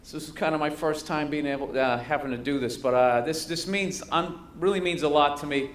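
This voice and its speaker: A man's voice: a little high, brisk, a little hiss or hum. Profane, rambling male comedian telling a story. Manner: profane, rambling, self-mocking. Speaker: comedian guest. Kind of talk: storytelling on a talk show.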